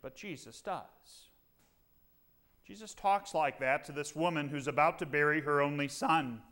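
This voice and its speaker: A man preaching a sermon as pastor, dramatic and full of rhetorical questions, leaning on slow, emphatic pauses. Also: fairly high pitch, bright, forceful tone.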